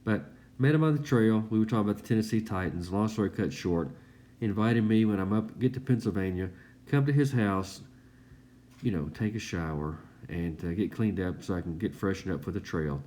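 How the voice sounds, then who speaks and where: A man's voice: lowish voice, fairly quick, dark tone. A man, easygoing and full of fillers, telling trail stories as a casual voice-over recap. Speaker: thru-hiker vlogger.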